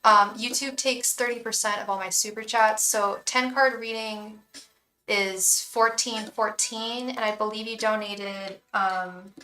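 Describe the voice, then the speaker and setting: A woman's voice: fairly high pitch, pushed and bright, far from the mic. A woman reading tarot on a live stream, chatting with viewers, thanking donors by name and chanting invocations to spirit guides.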